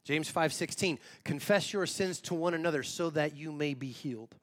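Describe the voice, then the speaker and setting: A man with a fairly high voice preaches to his church. His manner is relaxed, plain-spoken and self-deprecating, as if chatting with friends from the pulpit. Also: moderate pace. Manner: informal, self-deprecating, talks straight to the congregation. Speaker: pastor. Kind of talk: conversational sermon.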